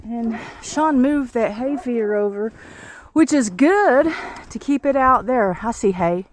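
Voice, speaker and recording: Feeding her animals on a snowy farm, a breathless woman vlogs her chores in front of a tripod camera. She speaks a little slowly in a fairly high voice with lively intonation, chatting casually, talking to the animals, and thinking out loud.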